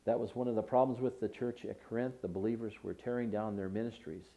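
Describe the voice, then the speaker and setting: A man's voice: on the low side, steady tone, fast, mellow, rough recording. A male pastor preaching a sermon, reading scripture aloud with rising emphasis.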